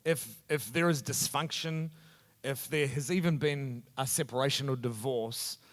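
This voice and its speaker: A man's voice: mid-range voice, steady tone, a little slow. A middle-aged man from New Zealand with a New Zealand accent, a pastor talking earnestly in a casual conversation on stage. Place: church hall. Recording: echoey hall reverb.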